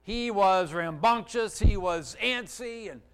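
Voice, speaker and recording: A high-pitched, smooth-voiced pastor tells stories during a sermon, emphasizing them vividly, sometimes loud, sometimes quiet and slow. He asks the congregation questions, and the recording quality is low.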